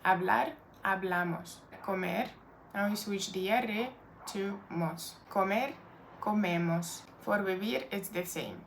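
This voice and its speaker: Patient woman teaching with slight gravel. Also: medium pitch, slow, a little hiss or hum. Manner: patient, explanatory, with fillers like "like". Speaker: Spanish teacher. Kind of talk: online language lesson.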